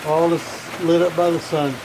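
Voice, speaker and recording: A man chatting casually in a video diary outdoors on his farm, with a relaxed manner. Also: on the high side, moderate pace, gravelly. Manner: relaxed, chatty, repeats "anyhow". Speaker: vlogger. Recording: outdoor camera audio with rain noise. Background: rain.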